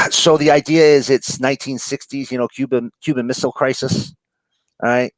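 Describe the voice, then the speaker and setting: Rambling, cussing New Yorker. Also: male voice, mid-range voice, steady tone, moderate pace, fairly bright tone, dry recording, poor audio. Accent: New York. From New York. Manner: rambling, profane, laughs often, many fillers. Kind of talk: casual chat.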